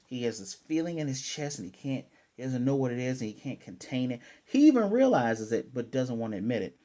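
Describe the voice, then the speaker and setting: Mellow-voiced man recapping an anime. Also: medium pitch, sing-song, fairly quick. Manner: chatty, self-correcting retelling with playful asides. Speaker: anime reviewer. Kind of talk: casual episode recap.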